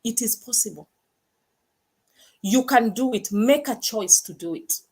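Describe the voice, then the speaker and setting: A woman's voice: fairly high pitch, lively intonation, a little slow, husky. A woman hosting a motivational talk, stressing points by repeating words. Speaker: host.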